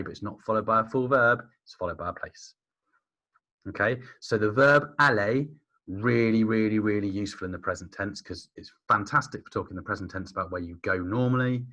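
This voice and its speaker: Male teacher, low and bright, talks through slide examples, thinking aloud. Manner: thinks aloud while writing examples, stretches key phrases slowly. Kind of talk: recorded language lesson.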